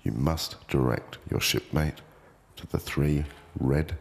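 Very deep, gravelly male announcer voice. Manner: measured, commanding, deliberate. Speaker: show announcer giving instructions. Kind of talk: formal scripted announcements. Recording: long reverb on the voice.

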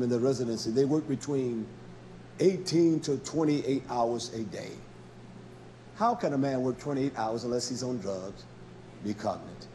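A male preacher giving a sermon, swinging between quiet asides and shouting, with repeated rhetorical questions to the congregation. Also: mid-range voice, a little hiss or hum.

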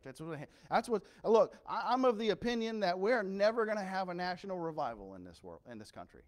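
A man preaching a sermon as pastor, passionate and earnest, dropping low and quiet then rising to loud emphatic cries. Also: lively intonation, fairly quick, hardly any pauses.

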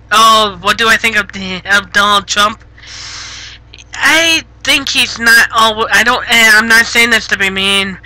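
A woman chats with her live-stream viewers through a headset mic, giggly and a little flustered, gently telling chat off when it gets rude. Her voice is very bright, and she talks slowly. The sound is close and dry. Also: medium pitch, no room sound, rough recording. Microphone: gaming headset.

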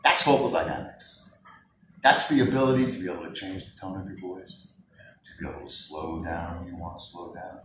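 A man leading a live public speaking workshop, very animated and moving from soft talk to shouting. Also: sits low, fairly quick, slight background noise. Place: workshop room with an audience. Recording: roomy sound from a distance, faint ambience.

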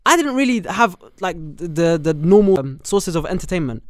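A man's voice: high voice, big pitch swings, normal speed, dry recording, clean studio sound. A young man, co-hosting a casual podcast, laughing and bantering in slang. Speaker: podcast co-host. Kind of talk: casual chat.

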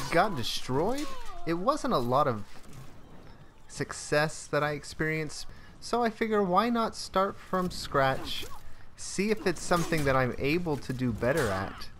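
Slow-talking joking gameplay commentator, man. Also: on the high side, fairly bright tone, a little hiss or hum. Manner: joking, playful, sings improvised silly songs. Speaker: gaming channel host.

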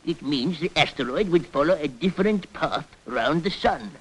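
An actor voicing a serious, measured male professor astronomer in a 1960s cartoon. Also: on the high side, expressive, breathy edge, poor audio. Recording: old cartoon soundtrack with faint hiss.

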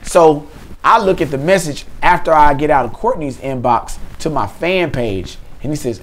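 Animated man telling a comic story. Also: on the high side, normal speed. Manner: animated storyteller acting out phone calls. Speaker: podcast host. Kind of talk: comedic storytelling.

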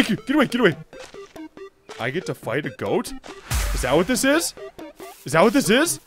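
A man doing comedic gameplay commentary as a gaming YouTuber, giggling and swinging from high shrieks to low mutters. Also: very animated, normal speed, a bit bright, soft background music.

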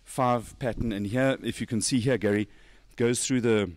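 A man's voice: medium pitch, fairly even intonation, normal speed, no echo. A man hosting a motorsport show, chatting casually and joking as he gushes over a race car's details. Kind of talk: casual walkaround chat.

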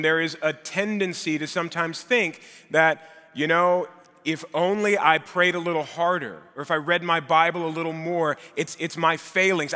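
A man in his thirties preaching a sermon in a church, conversational and gently joking, with frequent "uh"s. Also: on the high side. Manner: conversational, self-deprecating humor with filler "uh"s. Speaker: guest preacher. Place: large church sanctuary. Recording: long hall reverb.

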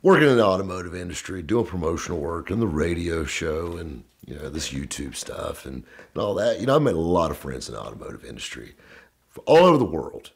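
A man's voice: deep voice, big pitch swings, brisk, vocal fry, breathy edge, faint music behind. A man telling a story casually, drawling and full of "you know" fillers. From American South. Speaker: storyteller guest.

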